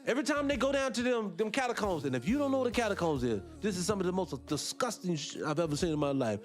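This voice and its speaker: A man with a high voice holds forth as host of a morning reaction show, chatting loosely and dropping sarcastic asides. He keeps turning to address his viewers directly, with faint music playing underneath. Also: sing-song, quick pace. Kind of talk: reaction commentary.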